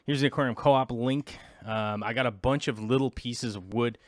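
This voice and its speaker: Recorded clean in the studio with no room sound, a man speaks at a moderate pace in a medium pitch. He's an aquarium hobby vlogger chatting casually as he browses links, scatterbrained and rambling, cutting himself off to look things up.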